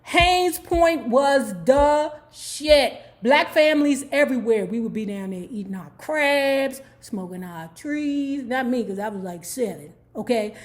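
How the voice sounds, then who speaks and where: A woman from Washington, D.C. hosting a book club vlog, casually retelling a life story with candid, profane asides and frequent "okay?" check-ins. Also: fairly high pitch.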